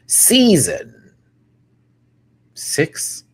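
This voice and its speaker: A man's voice: fairly low pitch, sing-song, a little slow, a bit bright, slightly rough. A man giving casual live-stream commentary, chatty and campy, greeting viewers in chat and laughing often.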